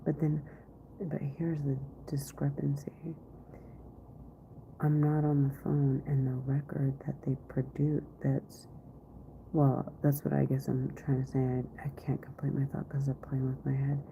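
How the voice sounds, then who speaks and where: Woman vlogger low gravelly voice, slow and halting, half-whispered, tinny phone-like sound. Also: completely flat delivery, dark tone. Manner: halting, often half-whispered, many restarts. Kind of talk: rambling live-stream monologue. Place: office. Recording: tinny phone-like recording, faint noise.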